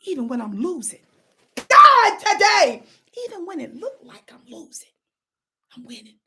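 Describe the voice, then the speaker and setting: A woman, hosting her own channel and telling a story in an animated way, often breaking off to say "watch this" and dropping into whispers. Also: fairly high pitch, fairly quick, vocal fry, slightly rough. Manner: animated, repeats "watch this", drops to whispers for quotes. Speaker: channel host. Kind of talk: storytelling vlog.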